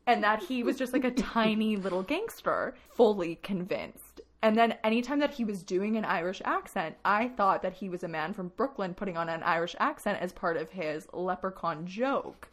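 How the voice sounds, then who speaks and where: A woman's voice: medium pitch, expressive, normal speed, hardly any pauses. A woman co-hosting a podcast in casual chat, telling stories animatedly and laughing often. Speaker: podcast co-host.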